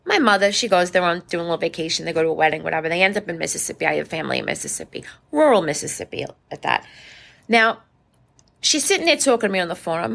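A woman's voice: mid-range voice, sing-song, a little fast, creaky, fairly bright tone. A middle-aged woman hosting her podcast, ranting casually with profanity and sarcasm. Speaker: podcast host.

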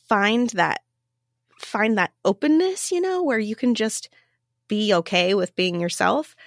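A woman's voice: medium pitch, fairly bright tone, no echo. A woman speaks as a guest in a podcast interview, reflective and heartfelt. Her voice is recorded close and dry, with no room sound.

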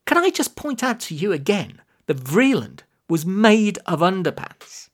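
A woman's voice: medium pitch, big pitch swings, measured pace, pitched above the performer's own voice. A woman voicing a pair of laid-back male talking underpants in a comic audiobook, speaking in an offhand, casual way.

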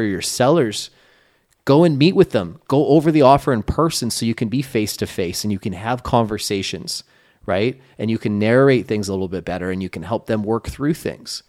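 Speaking in a medium pitch with a darkish tone, this podcast co-host gives relaxed real estate coaching advice. He leans on emphasis and performs example lines of dialogue.

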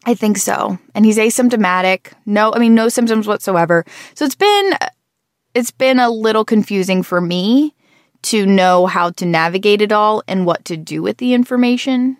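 A woman in her thirties talks with a groggy morning voice in a relaxed, rambling way. She often restarts and corrects herself mid-sentence. Her voice is mid-pitched, and the recording is dry and close. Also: normal speed, dry recording. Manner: chatty, rambling with frequent restarts and self-corrections. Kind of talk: casual conversational chat.

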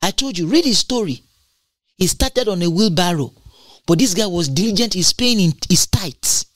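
A preacher delivering a sermon, emphatic and repetitive, with big leaps up and down in pitch and bursts of tongues. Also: lively intonation, normal speed, dry recording, clean studio sound.

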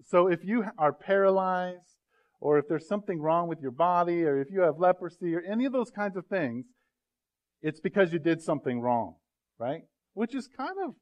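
A man preaching a sermon in a church, speaking a little high for a man. He keeps the talk loose and joking, with asides to the congregation. The recording sounds dull and muffled. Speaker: pastor. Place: church sanctuary.

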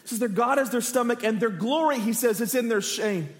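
A man's voice: very high voice, brisk. A male pastor preaching a sermon, earnest and rising to impassioned pleading. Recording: long hall reverb.

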